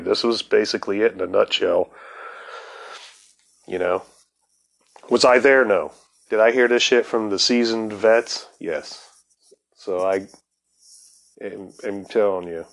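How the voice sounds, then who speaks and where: A man hosting a casual podcast, telling comics history in a loose, profane, excitable way that is often broken by laughter. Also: on the low side, gravelly. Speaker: podcast host.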